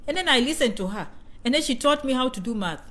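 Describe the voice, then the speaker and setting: A woman's voice: sits high, animated, fast, fairly bright tone. A woman in her thirties from Kenya, hosting a casual live-stream chat with viewers, talkative and playful, often repeating phrases.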